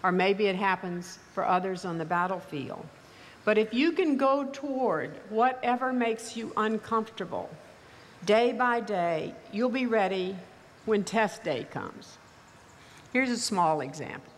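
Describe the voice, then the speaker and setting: A woman's voice: medium pitch, lively intonation, slight background noise. Older woman giving a reverberant commencement speech. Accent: mild Texas. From Texas, US. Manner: measured, wry storytelling with deliberate pauses. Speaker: commencement speaker. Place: large ceremony venue. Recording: reverberant hall, faint ambience.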